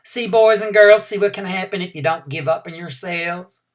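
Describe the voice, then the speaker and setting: A man reading a storybook aloud and voicing an encouraging female kindergarten teacher who speaks gently. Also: sits high, normal speed, pitched above the performer's own voice, natural voice.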